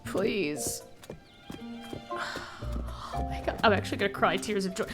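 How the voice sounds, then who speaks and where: A young woman streaming a video game, swinging between loud excitement and low muttering as she talks. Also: a little fast, music in the background. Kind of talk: casual gameplay commentary.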